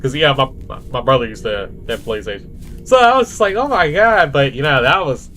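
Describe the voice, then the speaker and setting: A man's voice: mid-range voice, sing-song, fairly quick, sharp tone. A young man vlogging in a rambling, casual monologue, full of fillers and tangents.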